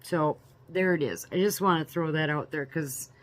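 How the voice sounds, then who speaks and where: A woman's voice: low-pitched, normal speed. A middle-aged woman hosting a prepping channel, chatting casually in a ranting opinion vlog, laughing often and repeating words.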